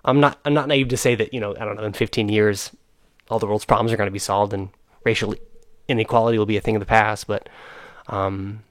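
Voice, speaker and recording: Brief: young adult male host, earnest and frustrated, halting with fillers, dry close recording. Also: fairly low pitch, steady tone, no room sound. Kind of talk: casual chat.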